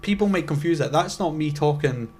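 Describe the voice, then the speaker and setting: A man's voice: a little high, brisk, a little mellow, a little hiss or hum. Sweary Scottish young man chatting. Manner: rambling, sweary, self-mocking. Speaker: podcast co-host. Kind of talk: casual chat.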